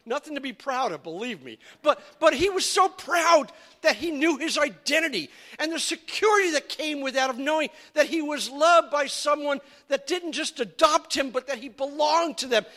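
A male pastor preaching a sermon, animated and stumbling over repeated words. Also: extremely high pitch, normal speed, hardly any pauses.

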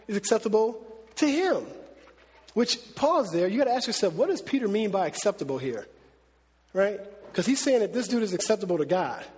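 A man preaching a sermon to a congregation, casual and animated, mixing slang with scripture reading. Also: high-pitched, slightly rough. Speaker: pastor. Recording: long echo of a large hall.

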